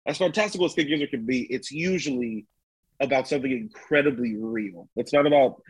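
A man's voice: mid-range voice, a little fast, breathy edge, no room sound, rough recording. A man co-hosting a podcast, chatting about music in a laid-back, agreeable, slangy way. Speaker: podcast co-host. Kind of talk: casual music review chat.

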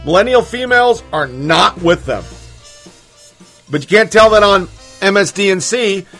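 A man's voice: high-pitched, expressive, moderate pace, a bit bright, faint music behind. Man ranting as podcast host. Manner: heated, profane, ranting. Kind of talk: political commentary.

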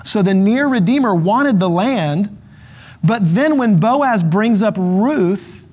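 High-voiced man preaching a sermon. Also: slow, husky. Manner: animated, acts out quotes, repeats for emphasis. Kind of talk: expository sermon.

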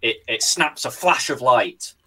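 A man co-hosting a comedy podcast, spinning a silly story with frequent laughs and quick bursts of character voices. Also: mid-range voice, expressive, pushed and bright. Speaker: podcast co-host.

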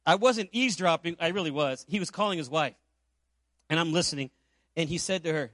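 A man's voice: on the high side, a little fast, a bit bright, dry recording, studio quality. A man from Puerto Rico preaching a sermon, telling a story and asking the congregation rhetorical questions. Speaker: pastor.

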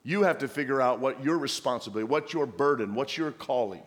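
A man's voice: medium pitch, fast talker, in a large hall. A male pastor preaching a sermon, exhorting the church with playful asides and mock voices of the congregation.

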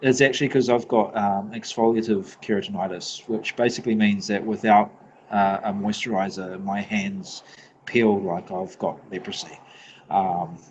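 A man's voice: lowish voice, steady tone, normal speed, slight background noise, low-quality recording. A man from New Zealand with a New Zealand accent, a podcast guest in casual chat who laughs often, swears freely and restarts his sentences.

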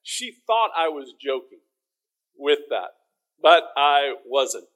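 A middle-aged man with a Texan accent delivers a sermon in a relaxed, folksy, conversational way, often restarting his phrases. His voice sits a little high for a man. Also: slow. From Texas. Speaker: teacher.

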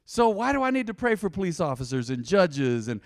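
A man with a high, very animated voice preaches a conversational sermon from the pulpit. He swings from loud bursts down to near-whispers. The sound rings with the long reverb of a church hall. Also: fairly quick. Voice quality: lively, conversational preaching with sudden loud bursts and quiet drops. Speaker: pastor.

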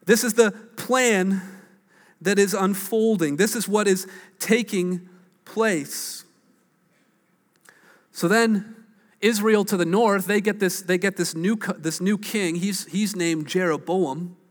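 Male pastor, lively storyteller, higher voice, long hall reverb. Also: slow, pauses often. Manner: animated storytelling preacher, acts out quotes. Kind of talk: sermon.

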